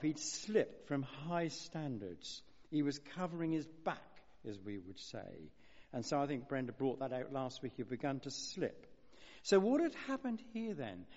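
A man's voice: on the high side, a little mellow. Man preaching in an echoing church hall. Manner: conversational and rambling, with asides and restarts. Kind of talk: informal sermon. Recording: dull lo-fi sound in a reverberant hall.

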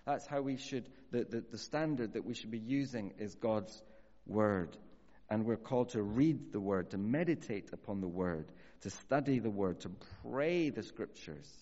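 A man preaching a sermon earnestly, slowing down to stress key phrases. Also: fairly low pitch, lively intonation, dark tone. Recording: dull audio with long hall reverb.

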